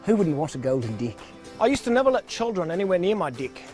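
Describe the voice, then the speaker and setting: A man with a New Zealand accent playing a straight-faced pitchman in a commercial. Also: big pitch swings, fast talker, a little mellow, soft background music. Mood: deadpan earnest. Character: earnest male deck-sealant pitchman.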